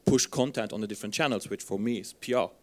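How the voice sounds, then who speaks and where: A man's voice: on the low side, fast. A man in the audience at a workshop, adding a point after stumbling starts. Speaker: audience member. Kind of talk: audience comment.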